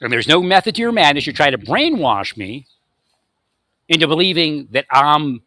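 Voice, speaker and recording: A man's voice: a little high, very animated, normal speed, sharp tone, dry recording. A man delivering a confrontational monologue, angrily ranting at unseen opponents. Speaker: vlogger.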